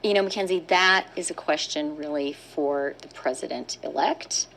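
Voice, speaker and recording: Low gravelly-voiced woman minister. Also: fairly bright tone, slight background noise, low-quality recording. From Canada. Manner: measured, pausing with fillers. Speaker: finance minister. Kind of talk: press conference answers.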